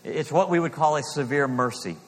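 A man preaching a sermon in earnest, slowing down for emphasis and dropping to a hush on key lines. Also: a little high, big-room sound. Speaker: pastor.

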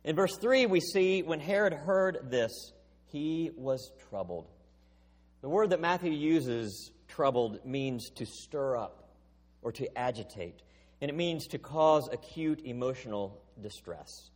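A middle-aged man preaching a sermon, telling a story in an animated way before teaching from scripture. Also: mid-range voice, takes it slowly, big-room sound. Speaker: pastor.

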